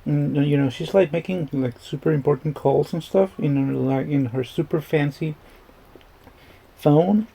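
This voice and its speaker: Gravelly, dark-voiced man riffing on a movie. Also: fairly high pitch, a little slow. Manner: rambling, joking, restarts often. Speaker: movie reaction vlogger. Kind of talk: casual movie commentary. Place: indoors at home.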